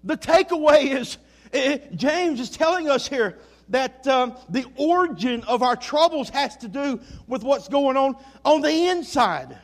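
A man preaching a sermon and reading scripture aloud, moving between loud emphatic lines and low quiet ones. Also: animated, a little slow. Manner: reads scripture in old-fashioned wording.

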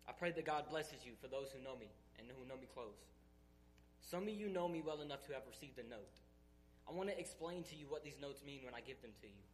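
A man's voice: fairly high pitch, a little hiss or hum. A man giving an emotional church testimony, earnest and emphatic, sounding tearful. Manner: earnest, emphatic, building intensity.

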